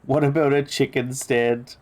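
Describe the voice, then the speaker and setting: A man's voice: mid-range voice, level tone, unhurried, darkish tone, a little hiss or hum, close to an everyday voice. A man doing a dry, plain-spoken tough guy.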